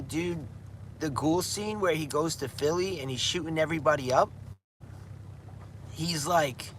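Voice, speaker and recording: A man's voice: on the high side, fairly bright tone, a little hiss or hum. A man chatting casually on a livestream from outdoors, rambling and saying "dude" a lot. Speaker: gaming livestreamer.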